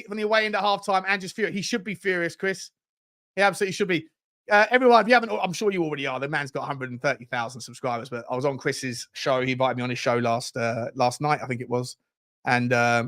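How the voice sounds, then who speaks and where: Bloke hosting a footy watchalong stream, fairly high voice, ranting and fed up. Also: male voice, fairly bright tone. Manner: exasperated, ranting and chatty. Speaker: football fan channel host. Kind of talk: live watchalong commentary.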